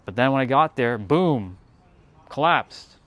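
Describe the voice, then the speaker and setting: A man's voice: mid-range voice, expressive, unhurried, fairly bright tone, no echo. A man speaking to his live-stream viewers in a casual motivational monologue, earnest and blunt, swearing freely and repeating words for emphasis.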